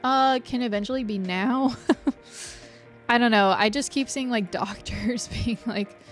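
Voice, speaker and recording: A woman's voice: on the high side, unhurried. A young adult woman streaming a game, chatting casually in a rambling way, swearing freely and laughing often. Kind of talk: casual chat while playing a game. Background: faint background music.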